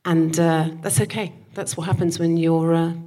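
A woman in her forties, a comedian co-host, telling comic stories on a live stage, animated and swearing. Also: sits low, moderate pace. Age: 40s. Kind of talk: comic storytelling.

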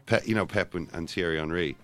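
A man co-hosting a casual football podcast, talking in rambling, self-interrupting runs with animated asides. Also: deep voice, fast talker, soft background music. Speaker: podcast co-host.

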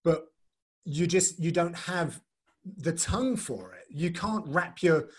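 A man hosting a relaxed conversation who rambles, restarts his sentences and laughs easily. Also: a little high, slow, husky. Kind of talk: casual chat.

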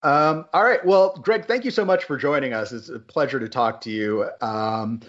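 A man hosting a podcast in a casual, rambling chat, animated and full of fillers. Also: mid-range voice, moderate pace, dull audio. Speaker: podcast host.

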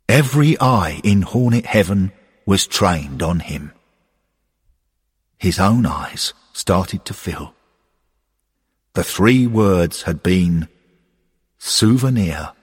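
Man reading a story out slow, low husky voice, long echoey reverb. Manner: measured, expressive storytelling. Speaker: audiobook reader. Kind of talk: storybook narration.

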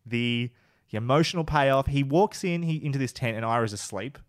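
A man's voice: medium pitch, brisk, no echo. Give me an eager man chatting on a podcast, with a dry close sound. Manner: enthusiastic, emotional, swears casually, recaps scenes. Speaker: podcast co-host. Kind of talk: casual chat.

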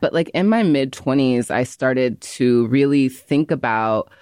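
A woman's voice: very deep voice, a little slow, dark tone, clear, resonant tone, dry recording, clean studio sound. A woman in her thirties, a content creator, chatting casually and animatedly as a guest and laughing easily. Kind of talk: casual chat.

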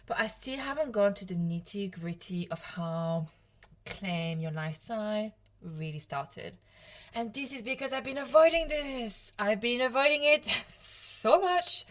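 A woman's voice: on the high side, lively intonation, measured pace. A woman in her thirties speaks with a French accent, talking straight to her listeners on her own podcast. She is chatty and self-deprecating and laughs a lot as she goes. She comes across as an easygoing coach sharing her own story. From France, Provence. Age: 30s. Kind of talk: casual solo podcast talk.

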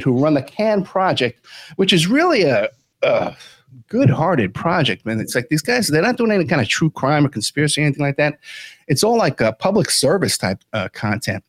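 A man's voice: on the high side, fairly bright tone, no echo. A man hosting a podcast, talking casually with many fillers and restarts. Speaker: podcast host. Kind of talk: casual interview.

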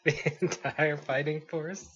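Slow-talking man reacting with amusement. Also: on the high side, steady tone, fairly bright tone, husky, muffled recording. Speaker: podcast co-host listening. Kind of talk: casual banter.

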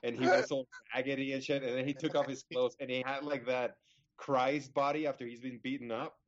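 A man's voice: medium pitch, little pitch movement, brisk. Rambling young man, slightly dull sound. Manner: rambling storyteller, many fillers and restarts. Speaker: podcast co-host. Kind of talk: casual chat.

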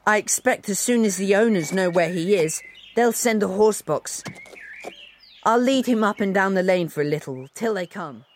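Lady doing a gentle brave boy, earnest, mid voice. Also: medium pitch, animated, moderate pace, slight background noise, natural voice. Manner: soothing, earnest.

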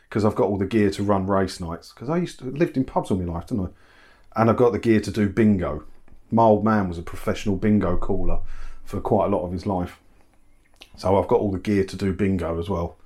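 A man's voice: on the low side, a little mellow. A middle-aged man chatting casually from his kitchen, answering viewer comments with self-mocking humour and frequent laughs. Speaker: YouTube channel host. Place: kitchen at home.

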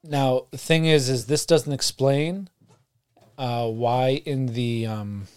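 A man co-hosting a podcast in casual chat, relaxed and rambling, with a frog in his throat. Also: medium pitch, takes it slowly, smooth. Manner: relaxed, rambling with fillers and laughs. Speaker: podcast co-host.

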